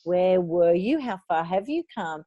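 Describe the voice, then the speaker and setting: A woman's voice: fairly low pitch, lively intonation, unhurried, no echo, muffled recording. A woman in her thirties co-hosting a podcast, talking in an enthusiastic, effusive casual chat. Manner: enthusiastic, effusive, restarts words. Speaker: podcast co-host.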